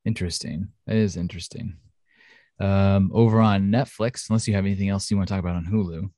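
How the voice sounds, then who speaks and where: A man with a lowish voice chats eagerly as a podcast co-host, piling on fillers as he goes. The recording is close and dry, with no room sound. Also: fairly even intonation, fast, warm tone, no room sound. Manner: chatty, enthusiastic, lots of fillers. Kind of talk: casual chat. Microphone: home studio mic.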